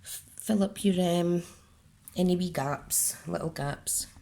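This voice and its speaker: A woman's voice: fairly low pitch, slow, vocal fry, warm tone. A woman with a Scottish accent, chatting her way through a card-making tutorial and talking herself through each step. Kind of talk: casual crafting tutorial.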